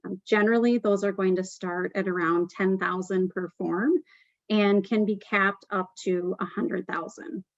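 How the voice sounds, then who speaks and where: Woman presenter, mid pitch, steady explanatory delivery with fillers, dry muffled webinar sound. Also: measured pace, no echo.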